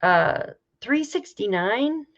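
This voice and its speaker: New york state woman chatting on a livestream, reacting loud, kinda muffled lo-fi sound. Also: a little high, lively intonation, slow. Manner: chatty and exclaiming, swears casually. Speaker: livestream host reading viewer comments. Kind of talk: casual live chat. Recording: slightly dull lo-fi audio.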